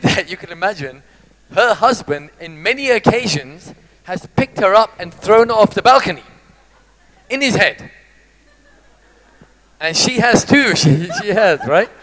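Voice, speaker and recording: Man, a high-pitched motivational speaker who is animated and teases the crowd. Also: normal speed, long pauses, rough recording. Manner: animated, jokey, teases the audience. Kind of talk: live motivational talk.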